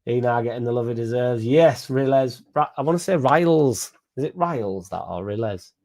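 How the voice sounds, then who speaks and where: A man's voice: medium pitch, fast, a little mellow. A young man hosting a casual live stream, reading out comments, swearing freely and stumbling over names.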